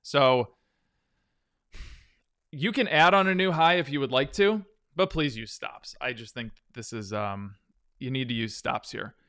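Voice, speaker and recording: A man's voice: mid-range voice, a little slow, pauses often, fairly bright tone, dry recording, clean studio sound. A man hosting a live stock trading stream, chatting casually with viewers and talking through charts. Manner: chatty, answers viewer questions while reading charts; hums 'dun dun dun' between tickers. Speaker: stock trading livestream host. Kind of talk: casual live market commentary.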